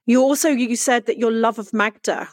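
A woman interviewer who asks warm, emotionally open questions. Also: a little high, steady tone, moderate pace, no echo. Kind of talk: podcast interview.

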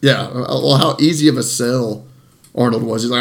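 A man in casual chat with friends, lively and sweary, mimicking characters. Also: medium pitch, normal speed, background noise. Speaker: podcast co-host.

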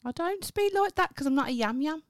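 A woman's voice: sits high, animated. Brash sweary Birmingham woman. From England. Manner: brash, sweary, quick to laugh. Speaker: podcast co-host. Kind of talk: casual chat.

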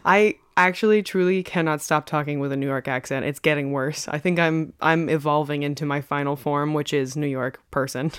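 A woman's voice: low-pitched, fairly even intonation, brisk, hardly any pauses, smooth, dry recording, studio quality. A woman hosting a podcast, telling a story in a chatty, casual way and laughing often. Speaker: podcast co-host.

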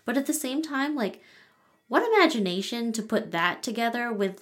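A woman's voice: a little high, animated, normal speed. A woman co-hosting a casual movie review podcast, chatty and filling her sentences with "like". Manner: chatty, leans on "like" as filler. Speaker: podcast co-host.

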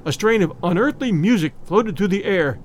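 Expressive male storybook narrator. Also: sits high, a little hiss or hum. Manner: measured, expressive reading. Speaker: audiobook narrator. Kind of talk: scripted narration of a classic story.

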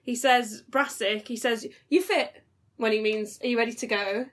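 A woman's voice: on the high side, steady tone, normal speed. A married woman co-hosting a casual podcast, joking and doing impressions. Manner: jokey, teasing, does impressions. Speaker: podcast co-host. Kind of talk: casual chat.

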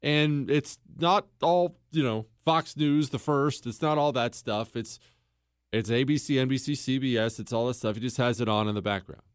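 A man's voice: medium pitch, normal speed, clean tone, dry recording, clean studio sound. A young man hosting a podcast, delivering a political commentary monologue in an emphatic, rhetorical way, repeating words for effect and posing questions to his listeners. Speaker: podcast host.

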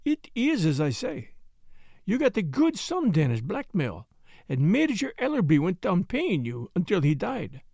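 A self-assured Belgian sleuth with a French accent, put on by a man reading an audiobook. He pokes with precise, needling questions, his pitch lifting high and swinging widely, over a gravelly edge in a dry, close sound. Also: wildly swooping pitch, unhurried, no room sound, full character voice. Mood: probing. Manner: precise, needling questions with sudden sharp jabs. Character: shrewd middle-aged Belgian detective, probing and self-assured. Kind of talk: audiobook character voice.

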